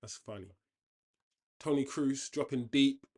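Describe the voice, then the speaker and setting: Hosting a football watchalong, this man chats casually about the match, voicing strong opinions and frequently restarting his sentences. His voice has an ordinary mid pitch, a somewhat dark tone, and a measured pace.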